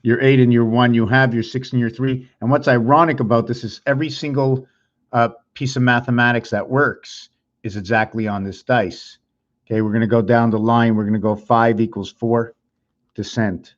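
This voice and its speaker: A man explains things as he draws them, thinking out loud in a rambling, musing way. He often sounds unsure of his own point. His voice sits in a middle pitch, and the recording is dull and lo-fi. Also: steady tone, moderate pace. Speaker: video creator. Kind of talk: thinking aloud while drawing and explaining.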